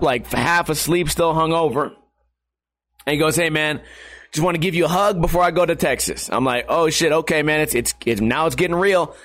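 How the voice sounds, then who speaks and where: A young man hosting a podcast, telling rambling, profane stories in a tired, low-energy way. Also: fairly bright tone. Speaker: podcast host. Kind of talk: casual storytelling monologue.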